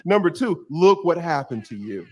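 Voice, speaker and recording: A retired attorney explaining a court case in a joking, playful way, laughing at his own asides. His voice is high for a man and swings up and down constantly. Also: very animated, moderate pace, darkish tone. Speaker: retired defense attorney, guest commentator. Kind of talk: animated legal commentary.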